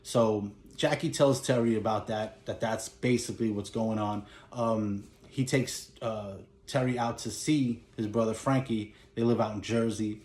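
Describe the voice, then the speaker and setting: A man's voice: on the low side, steady tone, unhurried, few pauses, darkish tone, roomy sound. A man casually recapping a movie plot in a rambling way, with lots of "you know" and "he's like". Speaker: movie collector recapping a film.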